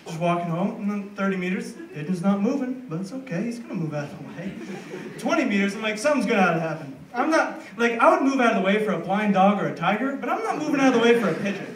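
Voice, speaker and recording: A young American man performing a rambling, animated stand-up set, acting out voices in his stories. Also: high-pitched, fast. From United States. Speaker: stand-up comedian. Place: comedy club stage. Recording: roomy, distant live club recording with noise. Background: audience laughter.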